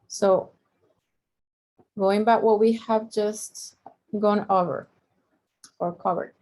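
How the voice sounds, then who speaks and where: A middle-aged woman teaching Spanish in a slow, unhurried way. Her voice has a gravelly fry, and she stretches out each example word and goes over every point twice. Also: mid-range voice, steady tone, a little mellow. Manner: explains slowly, drawing out Spanish example words; patient, repeats each point. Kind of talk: language lesson.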